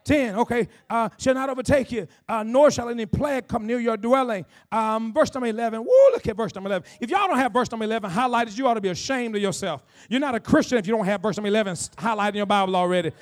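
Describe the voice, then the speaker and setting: High-voiced emphatic male preacher. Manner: emphatic preaching with repetitions and call-and-response; slows down to draw out key phrases. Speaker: pastor. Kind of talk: sermon. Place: church sanctuary.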